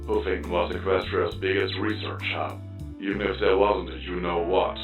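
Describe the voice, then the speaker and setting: A man voicing a wry, matter-of-fact male contact speaking through a battered robot with a mechanical, staticky sound, in an audiobook. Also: low voice. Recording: dull lo-fi, roomy, music behind.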